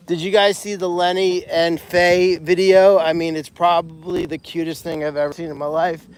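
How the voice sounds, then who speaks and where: A man's voice: a little high, little pitch movement, normal speed, few pauses, a little hiss or hum. A man who cares for a farm animal sanctuary, chatting casually on a live stream while walking outdoors across a pasture. He rambles with lots of fillers and restarts, recorded on a handheld phone.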